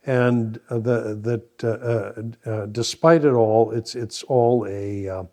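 A man's voice: mid-range voice, steady tone, slow pace, dark tone. A man, a priest co-hosting a radio discussion, speaking hesitantly with many ums and uhs. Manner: hesitant, filler-heavy. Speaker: priest co-host.

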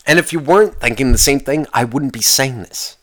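A man hosting his own podcast alone, ranting in a profane, exasperated way, his voice jumping higher when he gets worked up. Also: a little fast, a bit bright. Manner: pitch jumps up when worked up. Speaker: podcast host. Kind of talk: casual solo podcast rant.

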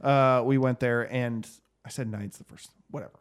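A man in his thirties telling a story as podcast host, in an animated, casual way with quick asides and swearing. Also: mid-range voice, smooth.

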